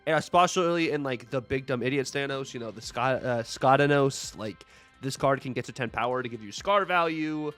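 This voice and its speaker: A man hosting a casual chat, talking enthusiastically and quickly with casual fillers. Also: mid-range voice, a bit bright, faint music behind. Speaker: host.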